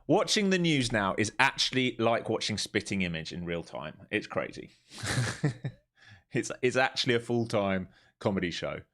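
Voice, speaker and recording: Low-voiced English man calling trades. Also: sing-song, fairly bright tone. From England. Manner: chatty, laughs often, quick jokes between chart calls. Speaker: live day-trading streamer. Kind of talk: live trading commentary.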